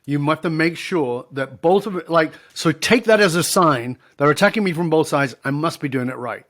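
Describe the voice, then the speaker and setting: Middle-aged man, podcast guest, lively storyteller, slightly high voice, voices both sides of a dialogue. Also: moderate pace. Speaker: guest, leadership speaker.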